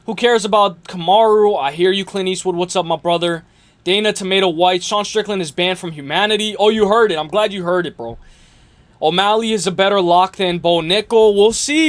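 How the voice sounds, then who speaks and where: High-voiced rambling man streaming live. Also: normal speed. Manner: rambling, filler-heavy, says dude a lot. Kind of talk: casual live stream chat on fight picks.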